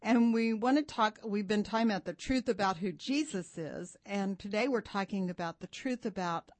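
A woman hosting a faith-based talk show, steering the conversation in a relaxed way with frequent fillers. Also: medium pitch, moderate pace, no room sound.

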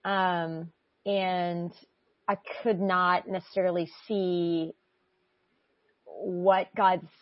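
Brief: woman co-host, reflective faith chat, mid pitch, thoughtful with ums, dull dry recording. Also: flat delivery, extremely slow, pauses often, no echo. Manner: thoughtful, searching, with frequent ums and restarts. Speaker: podcast co-host. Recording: slightly muffled dry audio.

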